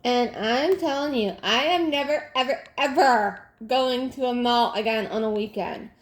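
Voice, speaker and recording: A woman's voice: on the high side, moderate pace. Exasperated woman venting over crafts. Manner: venting, exasperated, many fillers and restarts. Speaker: crafting vlogger. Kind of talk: casual chat while crafting. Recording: roomy echo.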